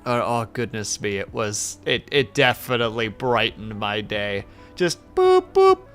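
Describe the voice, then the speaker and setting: A man streaming and telling stories in casual chat, animated and quick to swear. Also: lowish voice, faint music behind.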